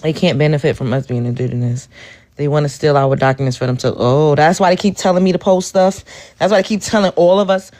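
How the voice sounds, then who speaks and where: A woman's voice: fairly low pitch, fairly quick. A woman from Brooklyn, hosting a livestream and talking bluntly to her chat. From Brooklyn, New York. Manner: animated, blunt, talks to chat. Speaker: livestream host. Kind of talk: casual livestream talk.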